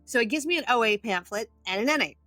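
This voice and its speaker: A woman's voice: on the high side, animated, fast talker, pushed and bright, no echo, faint music behind. A middle-aged woman telling her story casually as a podcast guest, acting out quotes with animation. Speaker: guest, addiction coach.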